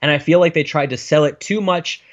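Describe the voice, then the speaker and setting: A man co-hosting a casual film review chat, animated and swearing freely. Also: fairly high pitch, a little fast. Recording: dull lo-fi sound.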